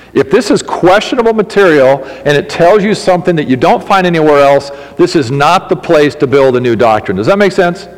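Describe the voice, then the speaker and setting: A male pastor with a high voice preaches emphatically in a church sanctuary, his words trailing off in a long hall reverb. He questions his listeners directly and drives each point home. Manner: emphatic, addresses congregation directly with questions and humor. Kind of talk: sermon.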